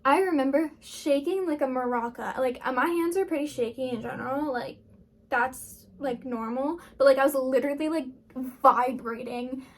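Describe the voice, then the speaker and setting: A woman's voice: high voice, normal speed. A young woman vlogger telling a personal story in a casual, rambling way, full of fillers.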